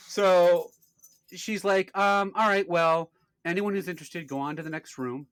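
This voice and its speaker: A man in his thirties, co-hosting a casual podcast, telling a story with lively acted-out quotes and plenty of swearing. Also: sits high, a little slow, no echo. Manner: animated storyteller, acts out quoted people, swears freely. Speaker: podcast co-host.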